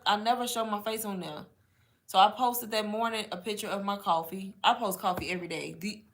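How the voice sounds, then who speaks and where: A woman talks viewers through an online marketing question in a relaxed live Q&A. She is chatty and instructive, explaining step by step at a middle pitch and speaking straight to her audience. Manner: chatty, instructive, often says y'all. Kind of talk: casual live Q&A teaching.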